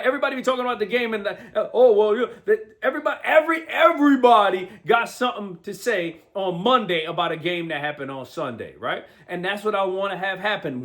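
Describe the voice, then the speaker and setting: A man with a fairly high voice gives a motivational talk as host. He speaks with energy and street slang, and he often stops to repeat words or check in with "right?". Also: a bit bright.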